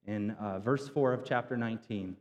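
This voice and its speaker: A man's voice: lowish voice, normal speed, muffled recording. A man preaching a conversational sermon, retelling scripture in casual everyday slang. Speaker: pastor. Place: church sanctuary. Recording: long hall reverb.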